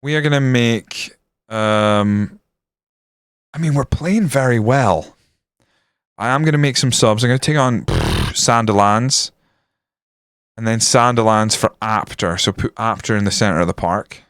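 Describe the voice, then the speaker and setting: A man commentating his football management game on a live stream, swearing and ranting, then breaking into excited match commentary. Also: on the low side, measured pace, clean tone, no echo, clean studio sound.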